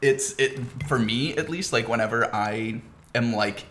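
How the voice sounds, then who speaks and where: A man's voice: mid-range voice, measured pace, a bit bright, slight background noise. A man co-hosting a podcast in casual chat, laid-back, laughing and swearing freely. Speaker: podcast co-host.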